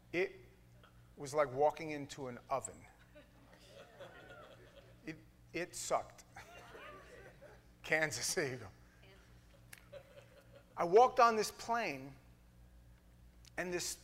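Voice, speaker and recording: A man preaching a sermon, telling a story with dramatic swings from hushed lines to loud bursts. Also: fairly high pitch.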